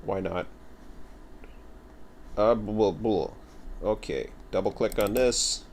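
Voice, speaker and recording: A man hosts a casual game livestream from home, talking in a loose, rambling way and teasing himself. His voice sits a little low. Typing on a keyboard clicks in the background. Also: takes it slowly, a little mellow, slight background noise. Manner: rambling, chatty, self-mocking. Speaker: game streamer.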